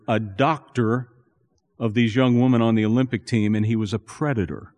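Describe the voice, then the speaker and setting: Male pastor, earnest sermon delivery with rising emphasis; medium-pitched voice with long hall reverb. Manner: earnest, building to animated emphasis.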